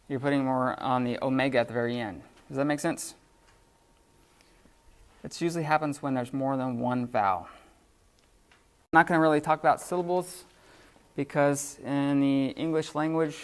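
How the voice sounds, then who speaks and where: A man teaching a Greek class in a classroom, in an informal, halting manner with many fillers. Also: mid-range voice, steady tone, clear, resonant tone. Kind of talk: classroom lecture.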